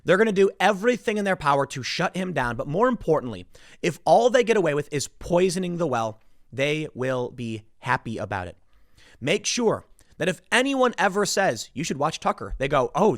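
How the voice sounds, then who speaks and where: A man's voice: fairly high pitch, no room sound, studio quality. A man in his thirties giving solo political commentary, talking animatedly and acting out the people he quotes. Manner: animated, acts out quoted voices.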